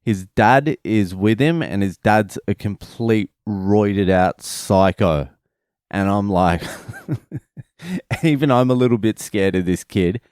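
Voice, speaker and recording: In a rambling, profane vlog, a man who is a father gives an animated retelling of a family story. He takes it slowly, his lowish voice clear and resonant, on a dry recording with clean studio sound.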